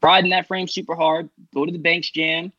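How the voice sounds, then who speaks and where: A man from New York spins a long story in loose, rambling podcast chat, swearing freely and restarting his sentences. His voice sits a little high. The recording is dull and lo-fi, with a dry, close sound. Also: flat delivery, moderate pace, pushed and bright, breathy edge, no room sound. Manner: rambling, profane, lots of fillers and restarts. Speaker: guest rider telling his story.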